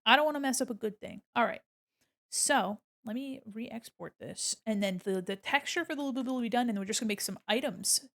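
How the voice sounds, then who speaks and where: Chatting to her livestream audience as she makes art, a woman speaks fairly quickly in a fairly high, slightly bright voice. She's playful and talkative, humming and singing along with the music.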